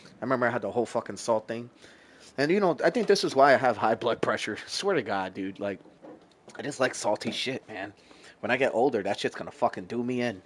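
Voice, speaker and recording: A man's voice: medium pitch, lively intonation, quick pace. Laid-back, foul-mouthed man streamer. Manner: rambling, laid-back, swears freely; chatting while eating. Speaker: gaming livestreamer. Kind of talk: casual stream chat with viewers.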